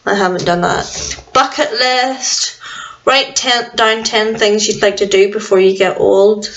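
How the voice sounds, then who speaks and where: A woman's voice: medium pitch, fairly even intonation, measured pace, a bit bright, lo-fi sound. A young woman vlogging at home in casual, rambling chat, a little self-deprecating about what she can't do. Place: at home indoors.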